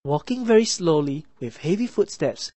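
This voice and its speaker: A woman narrating a children's counting story for a math lesson, reading in a clear, deliberate and expressive way. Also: sits low, dry recording. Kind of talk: slow read-aloud children's story narration.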